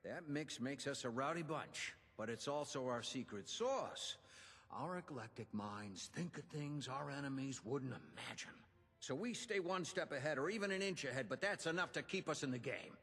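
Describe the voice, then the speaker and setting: An actor voicing a gruff older man who is a union inventor and quartermaster, speaking in a folksy, theatrical way. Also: medium pitch, animated, normal speed, fairly bright tone, big-room sound. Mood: earnest. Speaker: game character giving quest dialogue.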